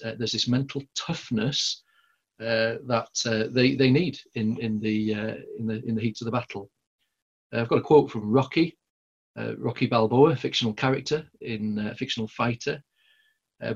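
A man's voice: medium pitch, slightly rough, dull audio. A man with a Lancashire accent preaching a sermon in a conversational, rambling way, full of fillers and restarts. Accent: Lancashire English.

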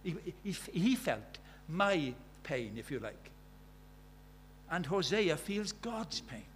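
A man with a South Welsh accent preaching a sermon, earnest, moving from loud emphasis to hushed storytelling. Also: on the high side, sing-song, slow, a little hiss or hum. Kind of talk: sermon with personal stories.

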